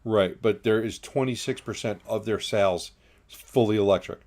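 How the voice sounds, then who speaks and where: A man's voice: fairly low pitch, normal speed, a little mellow. A man co-hosting a casual podcast, talking in a blunt, opinionated way. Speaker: co-host.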